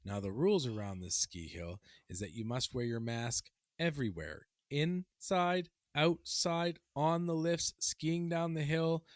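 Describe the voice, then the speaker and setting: A man's voice: on the high side, measured pace, few pauses, no room sound, clean studio sound. A man co-hosting a podcast in casual chat, ranting with heat and plenty of swearing. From Canada. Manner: heated, swearing, animated ranting. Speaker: podcast co-host.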